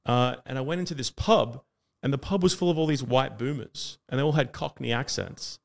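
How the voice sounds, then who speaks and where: A man's voice: mid-range voice, fairly quick, creaky. A man from Australia with an Australian accent, arguing in a debate in long run-on sentences with frequent fillers. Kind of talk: argumentative debate monologue.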